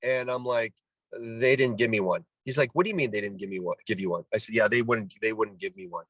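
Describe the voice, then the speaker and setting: A man's voice: fairly low pitch, brisk, dry recording, rough recording. A middle-aged man from Canada, a former pro ball player, telling a story as a guest in a casual interview. He acts out the people he quotes and often restarts his sentences. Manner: animated, acts out quoted voices, many restarts.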